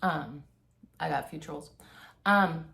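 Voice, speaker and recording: A woman's voice: low voice, takes it slowly, vocal fry, a bit bright. Rambling chatty woman. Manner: rambling storyteller, many likes and restarts. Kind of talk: casual chat.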